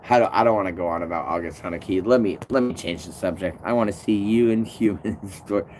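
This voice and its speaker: Male streamer, casual and profane, stumbles through restarts; low-pitched, faint vehicle hum in background. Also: a little fast, a little mellow. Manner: rambling, swears a lot, restarts sentences. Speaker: tree climber streaming to viewers. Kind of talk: casual live-stream chat reading comments.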